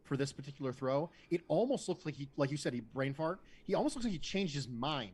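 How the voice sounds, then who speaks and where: Wry, self-deprecating football guest. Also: male voice, on the high side, expressive, quick pace, a little mellow, slightly rough. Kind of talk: casual film breakdown chat.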